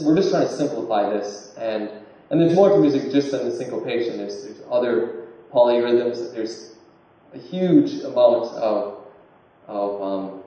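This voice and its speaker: A man with a mellow, low-key voice explains step by step, often stumbling and repeating words. He sounds far from the mic in a very echoey room, and the recording is dull and muffled. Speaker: lecturer. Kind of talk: informal explanatory talk. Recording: distant, muffled room recording with heavy echo.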